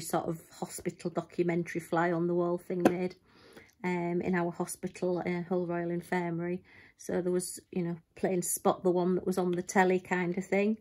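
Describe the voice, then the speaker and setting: A middle-aged woman talks casually to her viewers, rambling through a story with ums and side remarks. Her voice sits low and stays fairly even, without much rise and fall. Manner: chatty storytelling with frequent ums and asides. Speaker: crafting channel host. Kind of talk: casual chat to camera.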